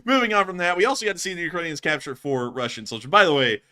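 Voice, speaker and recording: Man, from the US, commentary host, casual, laughs a lot, higher pitch, bright tone. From United States. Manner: chatty, laughs often, drawn-out asides. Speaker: war news commentary host.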